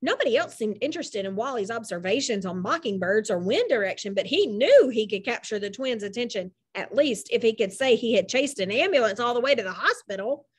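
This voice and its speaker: Woman narrator, children's book reading, high voice, lively and animated delivery. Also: fairly quick, hardly any pauses, husky. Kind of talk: storybook reading aloud.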